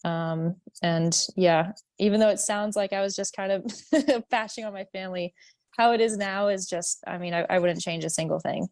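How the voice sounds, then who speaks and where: A woman's voice: mid-range voice, moderate pace, a little mellow, no echo, studio quality. A woman in her twenties from California, a podcast guest speaking candidly with many fillers and restarts. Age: 20s. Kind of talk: podcast interview.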